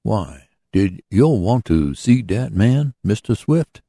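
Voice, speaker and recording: A man's voice: on the low side, big pitch swings, slow, warm tone, dry recording, studio quality, pitched above the performer's own voice, exaggerated voice. A man voicing a folksy, earnest older man who runs a mule-powered sawmill, in a storybook reading.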